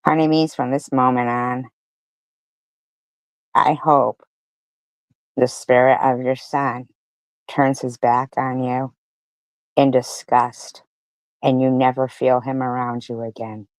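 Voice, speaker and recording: A woman giving angry live-stream commentary, ranting furiously and profanely, swinging between loud outbursts and low mutters. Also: flat delivery, takes it slowly, pauses often, no echo.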